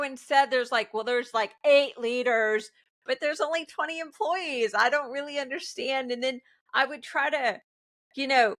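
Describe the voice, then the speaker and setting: A woman with a bright, slightly high voice co-hosts a casual talk show. She tells work stories in an animated way, laughs often, and slips into imitations of the people she quotes. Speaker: podcast co-host. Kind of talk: casual chat.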